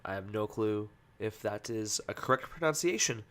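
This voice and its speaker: A man's voice: on the low side, expressive, normal speed, fairly bright tone. Man ranting on a casual podcast. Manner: ranting, profane, heated; loose, hesitant with many fillers. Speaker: podcast host.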